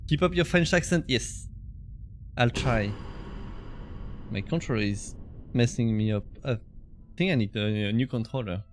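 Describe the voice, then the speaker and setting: A man's voice: medium pitch, slow pace, long pauses, soft background music. A man streaming a video game, chatting casually with viewers, reading their comments and laughing often. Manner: chatty, laughs often, reads chat aloud.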